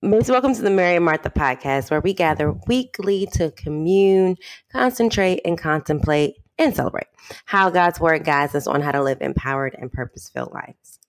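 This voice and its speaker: A woman co-hosting a podcast with a lowish voice and an easy, laid-back way of talking. The sound is dry and close, with no room echo. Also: animated, moderate pace. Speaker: podcast co-host. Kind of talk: casual chat.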